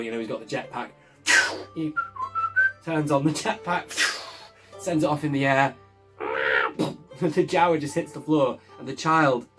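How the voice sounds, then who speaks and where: Enthusiastic man recapping an episode. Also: medium pitch. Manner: enthusiastic, chuckles often while recounting. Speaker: show reviewer.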